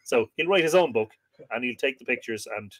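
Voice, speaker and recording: A man's voice: medium pitch, a little fast. An Irish man hosting a casual live-stream chat, joking and laughing often as he tells stories. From Ireland. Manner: jokey, laughing often, lively storytelling. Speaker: podcast host.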